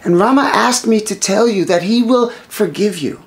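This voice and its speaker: A male storyteller voicing a devoted, calm male monkey warrior who speaks softly and reverently. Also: sits high, moderate pace.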